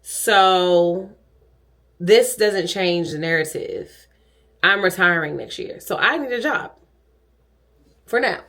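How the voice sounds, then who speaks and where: A woman's voice: fairly low pitch, expressive, takes it slowly, pauses often, a bit bright. A middle-aged woman vlogging in a casual, chatty and dramatic way. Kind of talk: casual chat.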